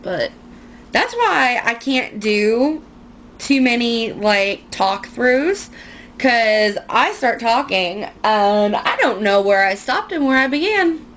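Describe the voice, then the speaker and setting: A young woman with a drawl talks her way through a makeup routine, her voice sitting a little high. She rambles, pokes fun at herself, and drifts off on side stories. There's a faint hiss of background noise under her. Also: sing-song, slow, a bit bright. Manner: chatty, rambling, self-mocking with frequent laughs. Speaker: beauty vlogger. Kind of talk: casual makeup tutorial chat.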